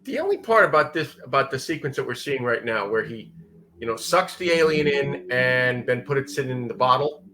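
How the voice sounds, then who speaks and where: A man's voice: medium pitch, animated, normal speed, pushed and bright. A man co-hosting a casual episode commentary podcast, matter-of-fact, giving short replies and plain instructions. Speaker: podcast co-host.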